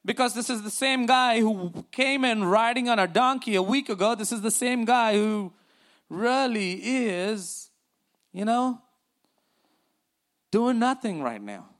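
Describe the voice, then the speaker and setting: A man preaching a sermon. He reads scripture deliberately, then talks through it conversationally with fillers and restarts. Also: very high voice, expressive, fairly bright tone. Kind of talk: sermon with scripture reading and storytelling.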